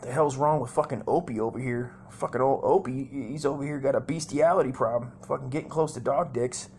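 A man's voice: mid-range voice, brisk. Male comic at home, rambling and profane storytelling, faint room noise. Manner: profane, rambling, mimics voices loudly. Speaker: comedy storyteller. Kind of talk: casual storytelling monologue.

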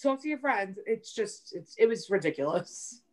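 A woman's voice: mid-range voice, expressive, moderate pace. A woman in her thirties with a New York accent, a guest author chatting on a podcast, blunt and jokey, swearing freely. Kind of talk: casual podcast chat.

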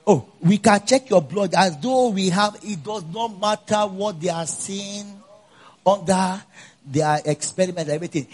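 At a measured pace, a Nigerian-accented pastor mixes his own story into the sermon. Quiet asides give way to loud preaching.

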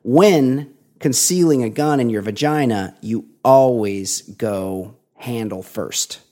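Man, middle pitch, casual podcast talk, deadpan, hesitant. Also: slow pace. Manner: crude deadpan humor, hesitant with fillers. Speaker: podcast co-host. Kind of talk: casual chat.

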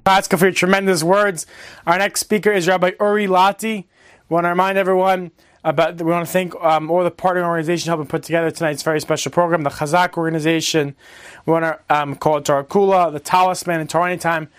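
Guy hosting, rattling off announcements fast, dry mic. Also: fairly high pitch, flat delivery, fairly bright tone, clear, resonant tone, no echo. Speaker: event host. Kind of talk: announcements and introductions.

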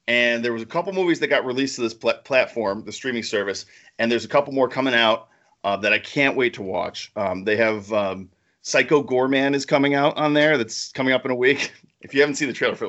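A man co-hosting a podcast in casual chat, excitable and rambling, laughing often. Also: medium pitch, lo-fi sound. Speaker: podcast co-host.

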